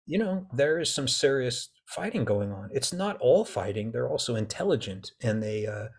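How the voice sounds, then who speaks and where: A man's voice: medium pitch, sing-song, normal speed, husky. A man, an author, chatting casually in an interview, rambling animatedly and breaking into character voices.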